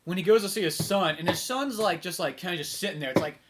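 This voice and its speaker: A young man co-hosting a podcast, animated and laughing, swearing freely and mimicking characters as he talks. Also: high-pitched, fast, slight background noise. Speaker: podcast co-host. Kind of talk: casual chat.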